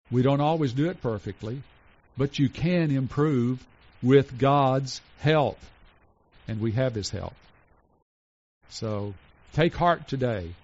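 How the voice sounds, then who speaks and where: Earnest preaching man, dull lo-fi recording. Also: medium pitch. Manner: earnest, slows to stress lists, drops soft for tender points. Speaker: pastor. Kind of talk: sermon.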